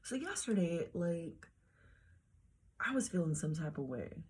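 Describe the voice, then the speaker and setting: A woman's voice: fairly low pitch, big pitch swings, a little slow, darkish tone, breathy edge. A woman giving a casual devotional talk to camera, slangy and emphatic, often dropping into whispers. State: heartbroken after a breakup. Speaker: faith vlogger.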